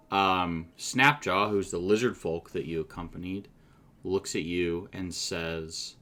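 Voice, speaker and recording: A man running a tabletop game as game master, chatty and loose in his narration and quick to laugh. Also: sits low, fairly bright tone.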